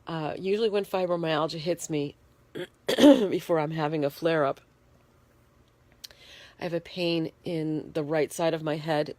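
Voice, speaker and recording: A woman's voice: low-pitched, darkish tone. A congested, shivering woman talking plainly to her phone from her bed in a casual video diary. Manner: plain, unhurried, explaining in detail. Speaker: vlogger. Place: bedroom, in bed. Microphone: phone held in hand.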